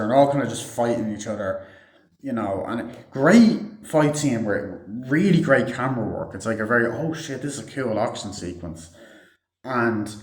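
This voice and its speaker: A man giving a casual, rambling movie review, swearing freely and filling his talk with "like" and "um". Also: fairly low pitch. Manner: rambling, heavy swearing, many fillers. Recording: roomy echo.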